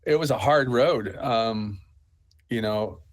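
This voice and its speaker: A middle-aged Canadian man talks low and easy, a festival owner giving an interview. He wanders through his anecdotes and fills the gaps with ums and you-knows. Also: slow pace. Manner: rambling storyteller, full of fillers. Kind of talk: conversational interview.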